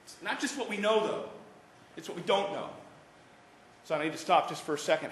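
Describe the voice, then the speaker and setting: A man giving a university lecture, animated and prone to restarting his sentences. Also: medium pitch. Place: lecture hall. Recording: echoey lecture hall.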